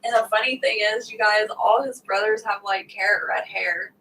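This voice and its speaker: On a casual livestream, a middle-aged woman talks and laughs with viewers, dramatizing what others told her. Her mid-range voice is gravelly and sharp, fairly even in intonation, at a moderate pace. The mic is a bit distant, and faint background noise can be heard.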